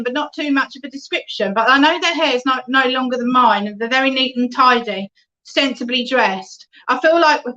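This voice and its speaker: Chatty medium with a lo-fi sound. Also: female voice, on the high side, a bit bright. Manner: chatty, reads out viewer comments, often adds "okay?". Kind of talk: online spiritualist reading. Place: at home, online service. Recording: dull lo-fi online stream audio.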